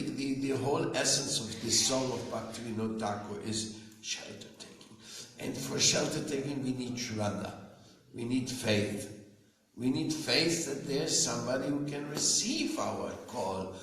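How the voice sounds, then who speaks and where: A man, a spiritual teacher, giving a slow devotional talk to an audience and often asking them questions. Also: mid-range voice, a bit bright, recorded from a distance, a little hiss or hum. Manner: slow, conversational, asks listeners questions. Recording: very echoey room, faint ambience.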